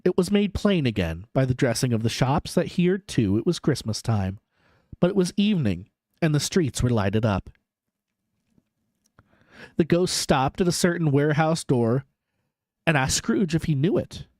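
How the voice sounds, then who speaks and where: Lively man reading a story aloud. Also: on the high side, moderate pace, long pauses, no room sound, clean studio sound.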